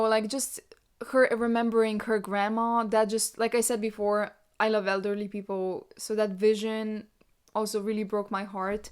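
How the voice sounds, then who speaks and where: Gushing woman reviewing a book. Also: medium pitch. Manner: gushing and emotional, reading quotes aloud. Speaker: book podcast host. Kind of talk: casual book review chat.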